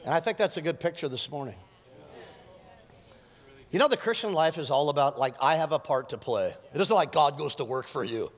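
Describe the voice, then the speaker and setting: A middle-aged male pastor preaching live, his slightly high voice ringing through a hall with a long reverb. He is animated and teases the congregation as he goes. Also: brisk. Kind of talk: sermon. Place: church sanctuary.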